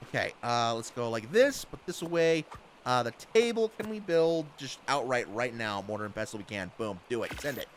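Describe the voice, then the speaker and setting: A man's voice: medium pitch, expressive, moderate pace, slight background noise. A young man giving casual, chatty commentary over his gameplay, laughing often. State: hiccups. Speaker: gaming YouTuber.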